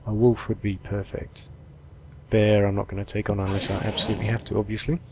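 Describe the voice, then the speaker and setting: A man giving relaxed let's-play commentary, thinking aloud as he sorts through supplies and plans his next move. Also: on the low side, a little fast, background noise. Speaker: gameplay commentator.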